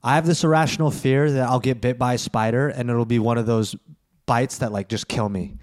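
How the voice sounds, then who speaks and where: A man's voice: medium pitch, fairly even intonation, a little fast. A man co-hosting a casual podcast chat, joking bluntly and laughing often. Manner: joking, laughs a lot, blunt crude humor. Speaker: podcast co-host.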